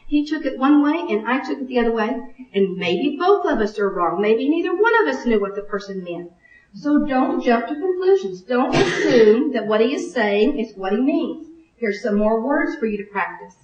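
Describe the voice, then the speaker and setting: An older woman teaching a Bible class, practical and earnest, rehearsing phrases out loud. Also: fairly high pitch, big pitch swings, normal speed, distant mic. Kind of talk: recorded Bible class lesson. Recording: muffled, echoey room from afar.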